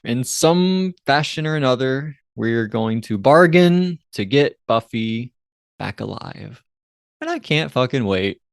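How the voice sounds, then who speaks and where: A man's voice: medium pitch, animated, smooth, no room sound, studio quality. Joking young man co-hosting a podcast. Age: 20s. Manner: joking, swearing, quick banter. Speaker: podcast co-host. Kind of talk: casual chat.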